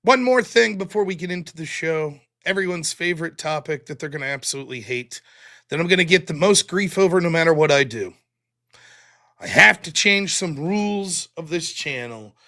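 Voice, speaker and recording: On his own live stream, a man rambles through his day in a loose, profane, self-mocking monologue. His voice is high for a man, bright, sharp and expressive. He swings between crude jokes and half-apologies without slowing down.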